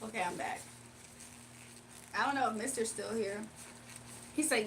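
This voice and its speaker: A high-pitched woman chats with her livestream viewers in a loose, animated way, laughing often as she talks. She sits a little back from the mic, and a faint hum of noise runs under her voice. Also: normal speed, recorded from a distance, rough recording. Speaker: livestream host. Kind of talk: casual livestream chat.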